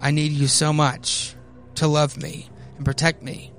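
This is a frightened young woman begging for mercy, desperate and breathless, voiced by a man reading a comic aloud. The voice stays gravelly and lifts only slightly in pitch. Faint music plays underneath. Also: flat delivery, a little slow, fairly bright tone. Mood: longing.

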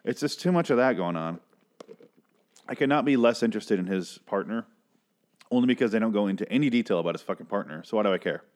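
A man's voice: on the low side, fast, pauses often, a little mellow. A man casually ranting through a TV episode recap, sarcastic and swearing often, drifting into tangents.

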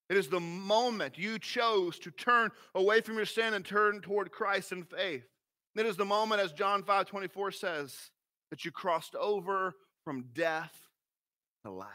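Lively pastor preaching. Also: male voice, high voice. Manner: animated, folksy, acts out voices. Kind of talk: sermon.

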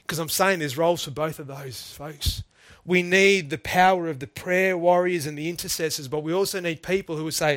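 An emphatic preacher in middle age, delivering a sermon with conviction. His voice sits fairly high for a man. The recording is dry and close, with little room sound. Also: moderate pace, fairly bright tone, dry recording. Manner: earnest, emphatic, addresses listeners as "folks".

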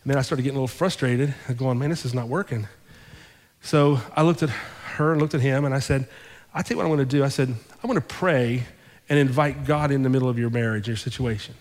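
Animated preacher man in an echoing sanctuary. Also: mid-range voice, fast talker. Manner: animated, conversational storytelling with repeated phrases. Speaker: pastor. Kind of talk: sermon storytelling. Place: church sanctuary.

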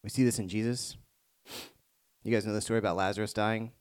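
A man's voice: lowish voice, fairly even intonation, fast, clean tone. Man preaching a reflective sermon. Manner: shifts between hushed reflective passages and rising emphatic ones. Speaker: pastor.

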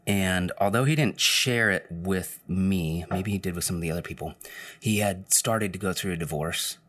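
A man's voice: sits low, moderate pace, a bit bright. A man telling a personal story in casual storytelling style, rambling, with frequent fillers and restarts.

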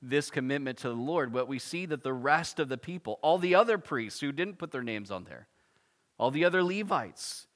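A man preaching an expository sermon, reading scripture and explaining it in a casual, animated way with asides. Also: medium pitch, normal speed. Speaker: pastor.

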